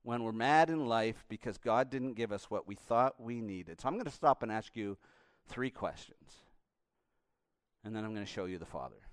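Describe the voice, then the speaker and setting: A male pastor preaching a sermon with passion, swinging between hushed and loud passages. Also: fairly low pitch, lively intonation, normal speed, dry recording, clean studio sound.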